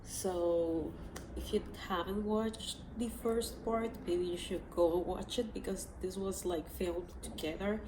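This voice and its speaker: A woman's voice: lowish voice, steady tone, slow. Chatty woman in an echoey room. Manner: chatty, fills talk with "like" and "so yeah", emotional. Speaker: book vlogger. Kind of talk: casual chat. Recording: echoey room with faint background hiss.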